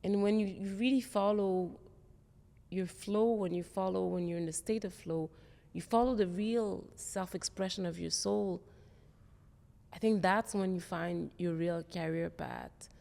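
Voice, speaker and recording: Woman guest, gravelly, mellow tone, reverberant room; earnest career storyteller. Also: lowish voice, steady tone, measured pace. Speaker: guest, tech executive. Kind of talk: interview conversation.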